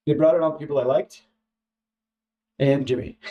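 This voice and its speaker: A man telling a personal story in a casual, halting way, repeating words and acting out what others said. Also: fairly high pitch, muffled recording. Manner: halting, repeats words, lively quoting voices. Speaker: former contestant telling his story.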